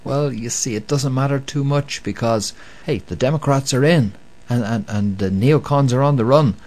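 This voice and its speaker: A man with a very deep voice is talking through a long radio commentary. He stresses his points by repeating them and often pauses on fillers. He keeps the tone of an opinionated show host throughout. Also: a little mellow. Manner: emphatic, repetitive, with many fillers. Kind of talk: monologue commentary.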